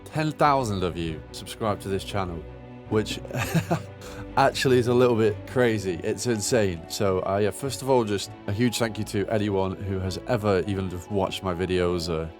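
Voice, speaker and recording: A man's voice: on the low side, moderate pace. A young man, a music producer, chatting casually and upbeat as he talks through making a track in his home studio. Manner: chatty, upbeat, lots of fillers and self-talk. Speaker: music producer, channel host. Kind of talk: casual tutorial commentary while producing. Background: electronic music playing.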